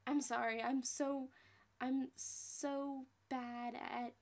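A woman hosting a casual question-and-answer vlog, rambling, self-deprecating and quick to apologize. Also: high voice, level tone, darkish tone. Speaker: channel host answering fan questions.

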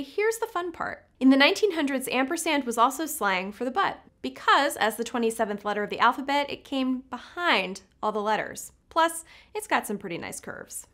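A woman's voice: fairly high pitch, a bit bright. A woman hosting a scripted educational video, delivering facts with playful, jokey asides. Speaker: host, editor-in-chief.

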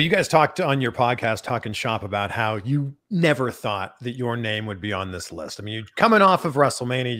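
A man's voice: mid-range voice, a bit bright. A man hosting an interview and asking questions in a conversational way that prompts his guests to talk. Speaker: interviewer host.

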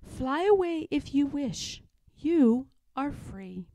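Woman reading as a soft-spoken loving mother bear. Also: high-pitched, very animated, slow, no echo, voice pushed up, heavily acted. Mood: tender. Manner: soft and tender, sometimes whispered.

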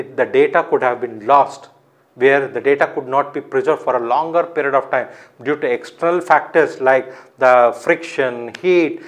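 A man giving a recorded lecture, explaining step by step, often asking his own questions and answering them. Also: mid-range voice.

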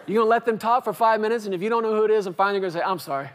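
A pastor in his thirties preaches with a high-pitched voice. He tells stories in an animated way, putting on exaggerated voices when he acts out phone calls. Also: rapid-fire. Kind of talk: sermon. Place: church sanctuary.

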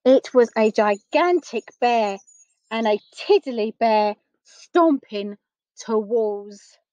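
Slow, gentle woman reading a storybook. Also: a little high, no room sound, lo-fi sound. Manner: gentle, slow, asking listeners questions. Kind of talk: reading a picture book aloud to children.

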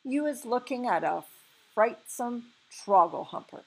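A kind, clumsy giant , as a woman reader puts him on, cries out in a louder, higher, slow voice that is gravelly and husky. He jumbles his words as he frets. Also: animated, exaggerated voice, poor audio. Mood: agitated. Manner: mangled words, loud exclaiming. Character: big clumsy kind male giant, distressed.

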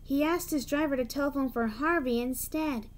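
A woman's voice: high voice, moderate pace. A woman reading a children's train storybook aloud, adding chatty asides of her own between the narration.

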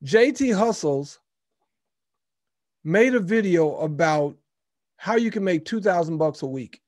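Upbeat southern host, highish voice, dry close sound, repeats himself, laughs a lot. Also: male voice, expressive, measured pace, a little mellow, dry recording. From Memphis, Tennessee. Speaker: webinar host. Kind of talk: casual webinar talk. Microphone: video call.

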